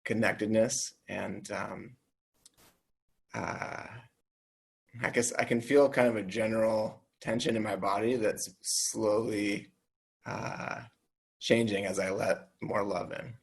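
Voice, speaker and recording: A soft-spoken man giving a hesitant check-in on a video call. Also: fairly low pitch, fairly even intonation, slow, gravelly, husky.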